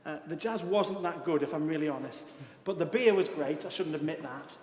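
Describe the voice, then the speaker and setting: A British pastor with a slightly high, darkish voice speaks fairly quickly, preaching a sermon and telling a story in an earnest, emphatic way. He's in a large church hall, and the recording echoes.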